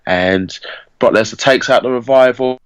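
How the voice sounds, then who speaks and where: A man's voice: medium pitch, normal speed, clear, resonant tone, no echo, low-quality recording. A man, hosting a podcast and chatting casually as he rambles through a story and corrects himself along the way. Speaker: podcast host. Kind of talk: casual fantasy-booking chat.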